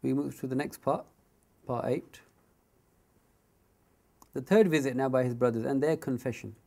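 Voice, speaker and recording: Gravelly man teaching Quran commentary. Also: mid-range voice, a little mellow. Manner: recites Arabic verses quickly, then explains in English with frequent asides. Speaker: Islamic teacher explaining Quran verses. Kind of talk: Quran tafsir lesson, recitation and explanation.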